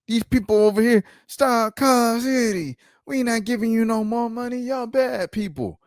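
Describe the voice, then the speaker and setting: A man's voice: very high-pitched, moderate pace, no room sound, studio quality, pitched above the performer's own voice. A man voicing a whining, pleading spokesperson for a donor group in an exaggerated, mocking way. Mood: whiny pleading.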